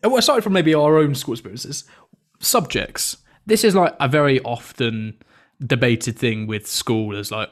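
A man's voice: medium pitch, expressive, measured pace. A young British man hosting a casual podcast chat, telling stories and teasing his guest with lots of laughter. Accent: British English. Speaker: podcast host.

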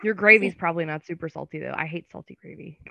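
A woman's voice: lowish voice, fast, gravelly, pushed and bright, highs cut off. A woman co-hosting a podcast in casual chat, giggly and teasing, from the United States. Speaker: podcast co-host.

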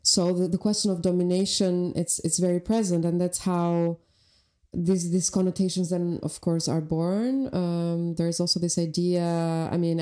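Low mellow woman. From Albania. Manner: reflective, thinks aloud with restarts. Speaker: podcast guest, artist. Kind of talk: conversational interview.

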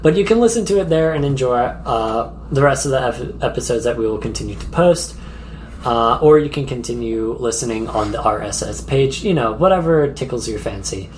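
A man's voice: medium pitch, animated, a little fast, slight background noise. A man co-hosting a casual travel podcast, rambling with many fillers and laughing often. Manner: rambling, giggly, lots of fillers. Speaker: podcast co-host.

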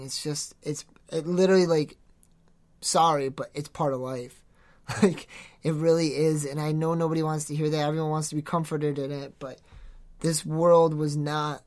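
Earnest rambling devotional preacher. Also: medium pitch. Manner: rambling, with many restarts and self-corrections; earnest and exhorting. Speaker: podcast host giving a devotional. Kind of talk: informal preaching.

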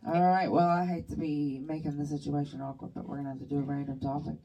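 Wry woman co-host, slightly low voice, a bit off-mic. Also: little pitch movement, fast, warm tone, slightly rough, recorded from a distance, muffled recording. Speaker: podcast co-host. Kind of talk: casual chat.

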